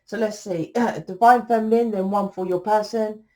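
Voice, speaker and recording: A woman gives a casual tarot reading, blunt and swearing freely. She sounds tired. Her voice sits at an everyday middle pitch. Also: fairly even intonation, normal speed, a little mellow. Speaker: tarot reader.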